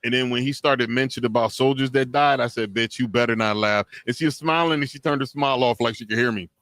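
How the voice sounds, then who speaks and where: A man's voice: mid-range voice, quick pace, no echo. A man co-hosting a video reaction show, telling slangy stories in casual chat. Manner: animated storytelling, slangy.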